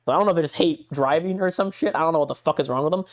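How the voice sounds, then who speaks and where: A man's voice: a little high, very fast. A man co-hosting a casual podcast, ranting in an exasperated way with heavy swearing and a voice that jumps up when he gets worked up. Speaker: podcast co-host.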